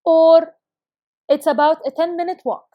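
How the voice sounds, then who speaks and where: Upbeat woman teacher with a high voice, full of praise, spells out phrases slowly for young learners; dry, close recording. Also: fairly even intonation, no echo, highs cut off. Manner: encouraging, praises students often; slow, careful reading of model phrases. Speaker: English teacher. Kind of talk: recorded video lesson for schoolchildren.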